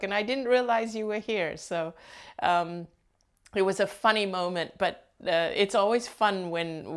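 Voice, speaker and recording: A woman hosting her own channel, chatting casually to viewers with rambling asides and frequent laughs. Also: lowish voice. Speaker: host.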